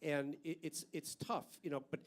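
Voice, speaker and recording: A man's voice: on the high side, fairly even intonation, moderate pace. An older man doing a stand-up comedy routine on a club stage with a handheld mic, brash and profane, landing punchlines hard.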